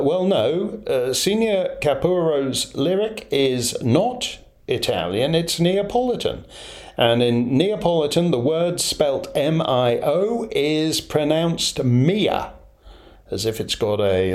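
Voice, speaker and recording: A man's voice: medium pitch, animated, slow. A man hosting a radio show, talking in a wry, conversational monologue with chuckles and asides. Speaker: radio host. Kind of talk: spoken commentary monologue.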